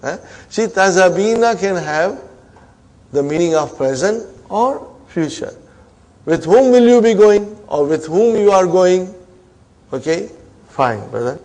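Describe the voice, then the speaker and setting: A man teaching an Arabic grammar class in English, drilling students with repeated questions and quick prompts, mixing in Arabic and Islamic phrases. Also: on the high side, darkish tone.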